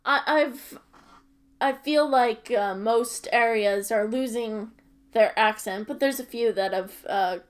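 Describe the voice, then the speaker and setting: A woman interviewing a guest in a casual, unhurried and hesitant way, with fillers. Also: on the high side.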